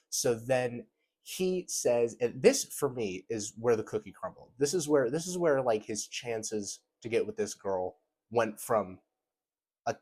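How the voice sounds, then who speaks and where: A young man hosts a casual commentary video, reacting to messages with sarcasm and energy and mocking them. His voice is mid-range with a breathy edge.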